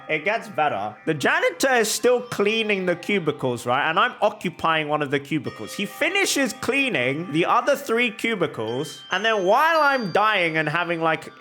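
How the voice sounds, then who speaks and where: A young man chatting while he plays, spinning an embarrassing anecdote with big comic exaggeration. His voice sits a bit high and comes across bright and forceful. Faint music plays underneath. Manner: animated, exaggerated comic storytelling. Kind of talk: casual storytelling while gaming.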